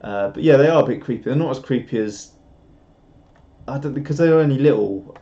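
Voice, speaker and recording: A man's voice: medium pitch, fairly quick, mellow. A man chatting casually on a live stream, rambling and self-deprecating as he reads out viewer comments. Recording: dull lo-fi stream audio.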